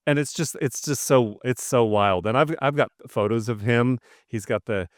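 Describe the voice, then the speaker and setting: A man's voice: mid-range voice, normal speed, no echo, clean studio sound. A man from Wisconsin with a Midwestern accent, co-hosting a podcast and telling stories in a casual, enthusiastic chat. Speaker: podcast co-host.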